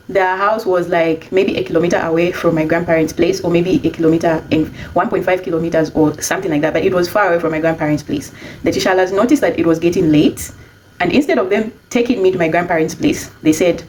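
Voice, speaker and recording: A young adult woman casually telling a personal story, chatty and animated when she quotes herself. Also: lowish voice, slight background noise, low-quality recording.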